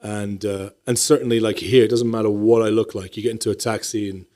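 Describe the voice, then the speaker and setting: A man's voice: lowish voice, fairly even intonation, a little fast, mellow. A middle-aged man from Morocco, a guest actor in a casual podcast interview, talking thoughtfully and often restarting his sentences. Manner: thoughtful, many restarts and repeated words.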